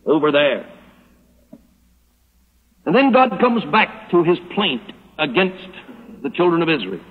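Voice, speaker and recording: A man pastor giving a radio Bible teaching sermon, preaching emphatically with slow, dramatic stressed phrases. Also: fairly high pitch, husky. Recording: muffled old radio broadcast with long reverb.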